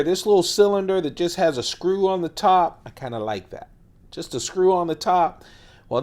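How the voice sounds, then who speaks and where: A man hosting a casual show-and-tell vlog, playful and enthusiastic, chuckling often and drawing words out for emphasis. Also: medium pitch. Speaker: host of an everyday-carry knife channel.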